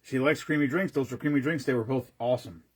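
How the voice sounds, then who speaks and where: A man's voice: medium pitch, steady tone, fast talker, slightly rough. A man casually chatting on a live stream, rambling between stories and greeting viewers by name as he mixes drinks.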